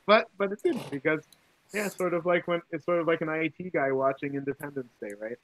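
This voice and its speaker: A man with a high, bright voice chats loosely on a podcast. He jokes around, swears and laughs a lot as he talks. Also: a little fast, slight background noise, rough recording. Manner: joking, laughs often, swears. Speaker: podcast co-host. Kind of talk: casual podcast banter.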